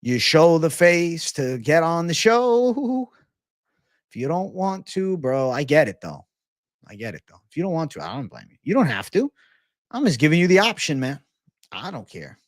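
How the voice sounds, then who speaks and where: A man hosting a live stream in casual chat, animated, swearing and calling everyone 'bro'. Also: a little high, brisk, no room sound, studio quality. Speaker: stream host.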